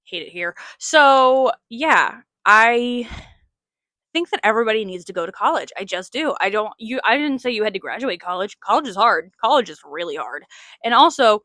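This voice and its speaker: A woman's voice: on the high side, expressive, moderate pace, pushed and bright, no room sound, studio quality. A woman in her late twenties hosting a podcast, telling stories in a chatty, self-mocking way full of "like" fillers. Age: late 20s. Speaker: podcast host. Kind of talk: casual storytelling monologue.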